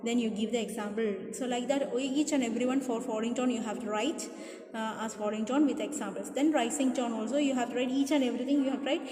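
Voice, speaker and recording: A woman's voice: on the high side, fairly even intonation, fast talker, dark tone. Echoey woman teacher explaining intonation. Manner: explanatory, repeats points, demonstrates intonation. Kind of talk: classroom lecture. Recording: echoey room, long reverb.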